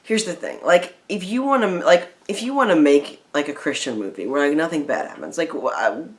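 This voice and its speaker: A woman co-hosting a casual film review chat, retelling the plot in a rambling, animated way full of fillers. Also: low voice, fairly quick.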